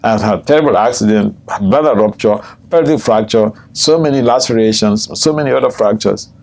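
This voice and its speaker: An older man, a swami, teaching a scripture class, telling stories with frequent chuckles and jumping high in pitch when quoting people. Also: brisk, creaky, darkish tone. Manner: storytelling, chuckles often, jumps high in pitch for quoted speech. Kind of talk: scripture class with personal anecdotes. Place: temple room.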